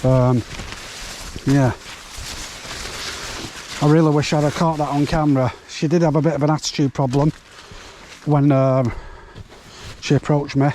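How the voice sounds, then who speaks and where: A man talks casually to his camera while walking outdoors. His voice sits fairly high but sounds mellow and soft-edged, and he rambles with plenty of ums and restarts. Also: steady tone, measured pace, pauses often, slight background noise. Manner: rambling, chatty, many fillers. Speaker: urban explorer vlogger. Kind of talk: casual vlog chat. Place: outdoors on derelict grounds.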